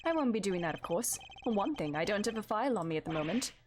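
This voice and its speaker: Formal male prosecutor, read by a woman; measured, lively. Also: medium pitch, background noise, pitched below the performer's own voice, close to an everyday voice. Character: proud male prosecutor, formal and self-reflective.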